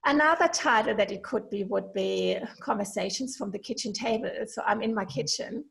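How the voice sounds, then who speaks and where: A woman's voice: medium pitch, normal speed, creaky, a bit bright, poor audio. A woman in her forties from Germany with a German accent, hosting a casual solo podcast from her home kitchen, talking with enthusiasm and plenty of fillers. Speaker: podcast host, veterinarian.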